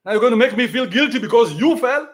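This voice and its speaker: Blunt, high-voiced Kenyan man ranting. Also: animated, fast. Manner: blunt, profane, combative. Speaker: livestream host reading donations. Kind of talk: ranting livestream commentary.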